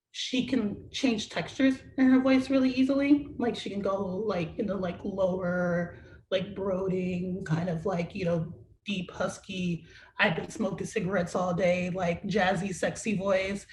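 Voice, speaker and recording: A young adult woman, a musician guest in a casual interview, rambling with constant "like" fillers. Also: medium pitch. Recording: roomy echo with faint noise.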